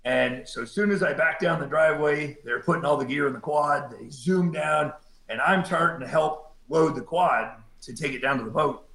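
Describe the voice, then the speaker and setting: A man's voice: a little high, normal speed, roomy sound, low-quality recording. A man who works as a volunteer rescue cave diver, telling a story in casual speech and acting out the dialogue he quotes. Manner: animated retelling, acts out quoted dialogue.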